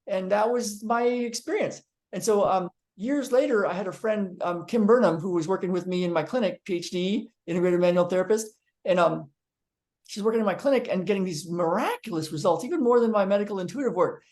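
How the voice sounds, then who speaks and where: Male therapist telling a personal story on camera, lively and rambling. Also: sits high, brisk. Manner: animated storyteller, acting out quotes; frequent ums and restarts. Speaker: physical therapist. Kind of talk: storytelling monologue to viewers.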